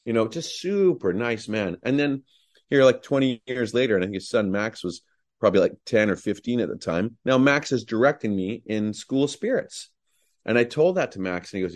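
A man's voice: lowish voice, expressive, brisk. A middle-aged male actor, a guest, telling enthusiastic, rambling anecdotes full of fillers. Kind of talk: anecdotal storytelling.

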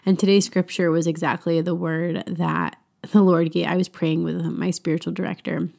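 A woman hosting a devotional podcast, talking in an earnest, chatty way with soft laughs. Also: fairly low pitch, flat delivery, moderate pace, vocal fry. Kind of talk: casual faith podcast talk.

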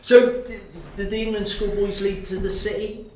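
A man's voice: high-pitched, steady tone, moderate pace, a little mellow. A man co-hosting a casual chat, prompting the guest with short questions. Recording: echoey, noisy room.

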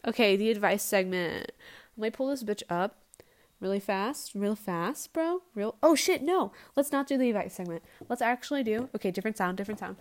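A woman's voice: mid-range voice, lively intonation, fairly quick. A young woman hosting her own casual podcast, talking in a rambling, blunt and profane way without a proper microphone. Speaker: podcast host. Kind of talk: casual solo podcast chat.

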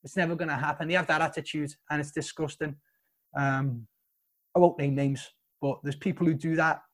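A man with a Liverpool accent speaks in a fairly high register. He talks bluntly and swears freely as he tells his story. He sounds like a guest on a video-call podcast. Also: fairly even intonation, moderate pace. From Liverpool, England. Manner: blunt and sweary, emphatic praise. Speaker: guest, soldier.

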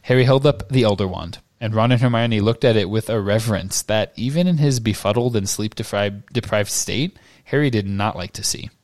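Low-voiced man reading a novel aloud. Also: a little fast, few pauses, darkish tone, no room sound. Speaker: podcast co-host.

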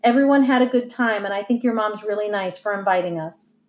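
A shy, gentle teenage girl , as a woman reader gives her voice, speaking quietly, close to a whisper. Her words come soft and careful. It is a tender audiobook moment, kept hushed. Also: mid-range voice, fairly quick, close to an everyday voice.

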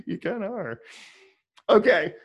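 A man's voice: sits high, sing-song, unhurried, slightly rough, lo-fi sound. Dry, teasing male interviewer. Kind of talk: casual conversation.

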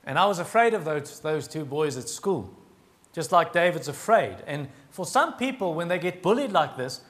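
A man preaching a sermon, earnest and emphatic, slowing down to stress key phrases. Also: a little high, animated, fairly bright tone. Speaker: pastor.

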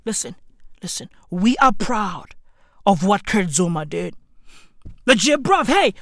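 A man's voice: very high voice, a bit bright, dry recording, studio quality. A man from Africa, delivering a profane, emphatic comedic rant that circles back on itself and keeps calling the listener bruv.

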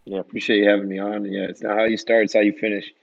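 A young adult man, a basketball coach, telling animated stories in a casual interview and acting out quoted dialogue. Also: lowish voice, fast, vocal fry, no room sound, highs cut off. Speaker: junior college head coach, guest.

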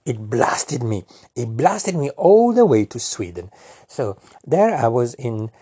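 Halting, rambling man with a husky voice. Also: medium pitch, very animated, warm tone, dry recording, clean studio sound. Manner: hesitant, full of fillers and restarts. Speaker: storyteller. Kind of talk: rambling absurd comic monologue.

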